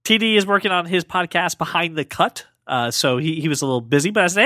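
A man's voice: fairly high pitch, fast, hardly any pauses, bright, forceful tone, no echo, clean studio sound. A man hosting a podcast, chatting playfully and rambling, often restarting his sentences. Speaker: podcast host. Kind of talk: casual chat.

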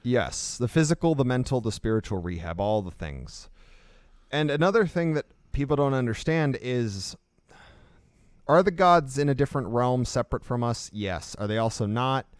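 Smooth-voiced man explaining emphatically. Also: mid-range voice, expressive, normal speed, no echo, clean studio sound. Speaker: podcast co-host. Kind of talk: casual discussion.

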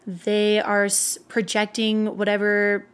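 A woman's voice: medium pitch, monotone, takes it slowly, smooth. Frank, laughing young woman. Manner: frank, swearing, laughs easily. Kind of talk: casual chat.

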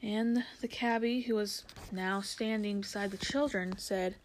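A woman reading a storybook aloud, calm and measured. Her delivery is gentle and unhurried, with the odd small slip she corrects as she goes. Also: mid-range voice. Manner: measured, gentle, occasional slips. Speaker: reader.

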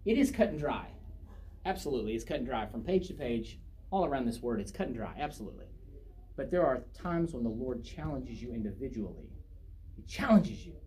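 A man's voice: mid-range voice, big pitch swings, fairly quick, warm tone, a little hiss or hum. A man preaching a sermon, reading scripture aloud and driving points home by repeating phrases. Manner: emphatic, repeats phrases for stress.

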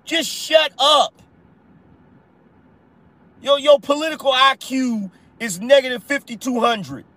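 A man hosting a live-stream political podcast, talking in a mocking, repetitive way, and now and then breaking into shouts and slang aimed at his chat. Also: very high-pitched, unhurried, pauses often. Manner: slangy, addresses chat as y'all and brother. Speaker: podcast host.

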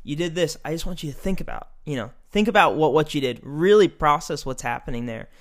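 A man's voice: fairly high pitch, lively intonation, fairly quick, a bit bright. Earnest man who gets fired up preaching. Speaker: podcast guest. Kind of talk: casual chat turning preachy.

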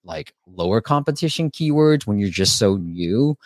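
A man's voice: on the low side, animated, normal speed, no echo, studio quality. A man hosting a casual live stream, reviewing apps and giving advice in a chatty way with lots of fillers.

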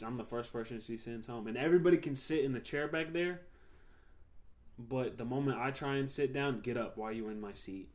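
A young man with a mid-pitched voice rants about his workplace, swearing freely and getting worked up. He talks loosely and casually, like he's alone with a mic. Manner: heated, profane, venting about work. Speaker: podcast host. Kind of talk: casual solo rant.

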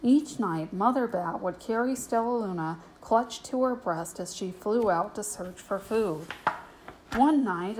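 Gentle woman reading a bedtime story. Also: medium pitch, a little hiss or hum, poor audio. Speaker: storybook reader, host.

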